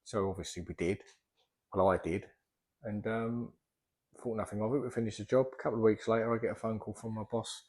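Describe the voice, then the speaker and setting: A man's voice: lowish voice, fairly even intonation, fairly quick, a little mellow. A middle-aged man, a plasterer chatting casually in a vlog as he works and rambling off topic. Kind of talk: casual vlog talk while working.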